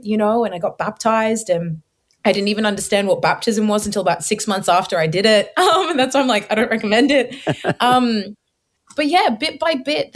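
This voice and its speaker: A young woman, telling her personal faith story as an interview guest, lively and casual with many fillers, acting out her own past words. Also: medium pitch. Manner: animated storyteller, acts out her past self in quotes; casual filler-heavy speech. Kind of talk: personal testimony in conversation.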